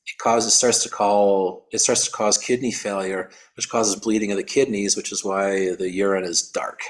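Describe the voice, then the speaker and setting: A man's voice: fairly low pitch, fairly even intonation, moderate pace. Technical-minded man telling a race story. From United States. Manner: repeats words on restarts, acts out quoted voices; explains in a calculated, technical way. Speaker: endurance athlete guest. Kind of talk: storytelling interview.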